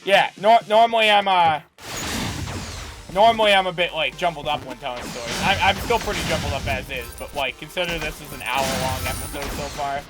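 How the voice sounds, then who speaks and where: A man co-hosting a podcast, telling a long anecdote in a rambling, animated way with many restarts. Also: a little high, brisk, over music. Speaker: podcast co-host. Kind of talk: casual storytelling chat.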